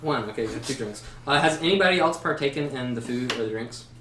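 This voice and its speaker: A man's voice: mid-range voice, quick pace. Roomy-sounding male game master. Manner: relaxed, chatty narration. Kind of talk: narrating a tabletop game. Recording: echoey distant livestream mic with noise.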